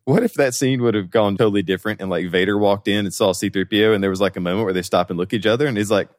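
A man's voice: lowish voice, very fast, no echo. A man co-hosting a casual podcast chat, riffing and laughing through jokes. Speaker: podcast co-host.

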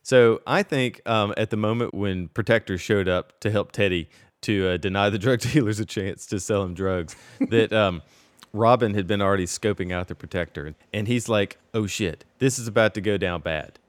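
A man's voice: on the low side, moderate pace, no echo. Rambling man, dry close sound. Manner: rambling, heavy use of "like". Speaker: podcast co-host. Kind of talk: casual comedic chat.

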